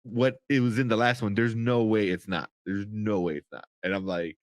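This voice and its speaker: A man co-hosting a show recap. His voice sits on the low side and sounds dry and close. He rambles along casually and gets animated when something excites him. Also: moderate pace, dry recording. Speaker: podcast co-host.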